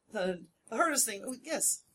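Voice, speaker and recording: A woman voice actor speaking on a convention panel, chatty and quick to correct herself, laughing easily. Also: mid-range voice, a bit bright, breathy edge.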